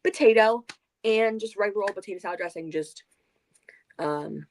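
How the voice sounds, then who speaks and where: A woman co-hosting a book club livestream, chatting casually and going off on rambling, animated tangents. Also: mid-range voice, normal speed, slight background noise. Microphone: video call.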